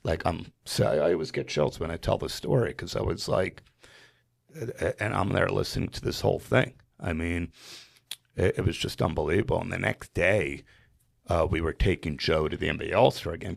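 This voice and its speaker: A man from New Jersey, a podcast guest, telling a story in earnest, animated style with frequent fillers. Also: sits low, brisk, creaky. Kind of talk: emotional storytelling in conversation.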